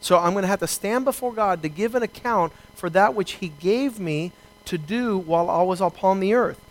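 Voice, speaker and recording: A man pastor preaching a sermon, reading scripture and acting out short exchanges with emphatic slowdowns. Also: high-pitched, poor audio.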